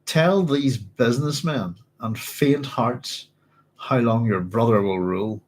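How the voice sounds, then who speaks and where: A man's voice: mid-range voice, takes it slowly. Man reading as a defiant crowd heckler. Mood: demanding. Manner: commanding, insolent.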